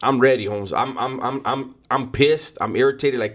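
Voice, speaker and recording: A man's voice: medium pitch, moderate pace. A man telling a first-person story in a casual, blunt way, full of street slang and cursing.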